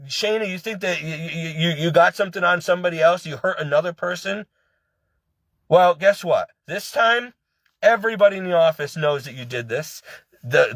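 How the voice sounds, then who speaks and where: A man's voice: high-pitched, fairly bright tone, dry recording. A man angrily venting about the job he just quit, upset and stumbling over restarts. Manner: agitated, repetitive venting with many restarts. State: upset and angry. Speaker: ex-employee venting. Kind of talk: personal rant to camera.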